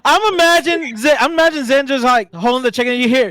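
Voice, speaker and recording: A man playing a tabletop game, describing his moves in excited, joking bursts. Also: very high voice, fast, no room sound.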